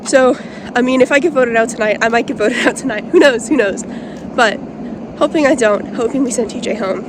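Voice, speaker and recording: A woman's voice: a little high, brisk, noisy background. A young woman in a car giving a casual, hesitant reality-show confessional. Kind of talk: confessional to camera.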